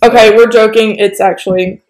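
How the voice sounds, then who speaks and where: A woman's voice: fairly high pitch, steady tone, moderate pace, darkish tone, low-quality recording. Teasing Southern woman podcast co-host. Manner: teasing, laughs easily. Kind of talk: casual chat.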